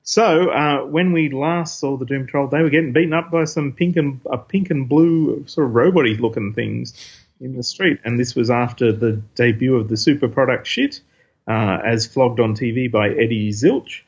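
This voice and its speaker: A man with a husky, mid-range voice hosts a podcast, speaking at a moderate pace as he reviews comics. He rambles casually through an issue recap, using many fillers and reading quotes aloud. The recording is dull and lo-fi.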